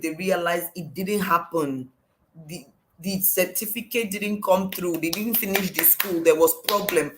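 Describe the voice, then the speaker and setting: Nigerian woman, middle-aged, life coach, emphatic and questioning, lowish voice. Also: a bit bright, rough recording. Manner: questioning, emphatic, repeats "why". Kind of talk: devotional coaching talk.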